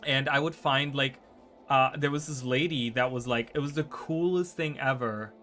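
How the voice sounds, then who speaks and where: A man's voice: medium pitch, moderate pace, pushed and bright, soft background music. A man streaming from his home room and chatting casually to viewers. He rambles, stacks up fillers and often checks in with "right?".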